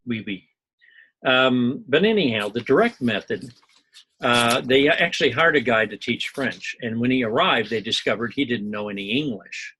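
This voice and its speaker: A man's voice: medium pitch, normal speed, bright, forceful tone, breathy edge, low-quality recording. A middle-aged man from Missouri giving a loose, digressive recorded lecture, full of asides and small jokes. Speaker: university instructor.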